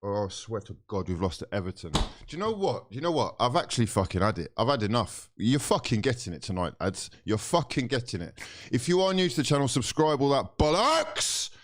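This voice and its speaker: A young football fan vlogger launches into an angry, profane rant about his team, clearly exasperated. His pitch lurches wildly, climbing to disbelieving shouts and sinking to low, bitter muttering. He's very animated and talks a little fast.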